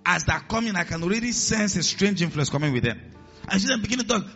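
A man's voice: high voice, lively intonation, fast talker, bright, forceful tone, muffled recording, soft background music. A man preaching a sermon as pastor, acting out voices in his stories and dropping to a hiss for commands. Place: church hall with a congregation.

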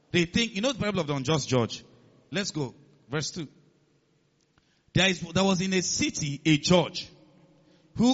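A man with a somewhat high, slightly bright voice preaches an emphatic sermon, quoting scripture and calling on the congregation to follow along and respond. The audio is dull.

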